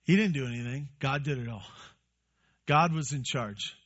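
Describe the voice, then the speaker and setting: A man's voice: medium pitch, moderate pace, fairly bright tone, muffled recording. A male pastor giving a conversational sermon and putting questions to his congregation.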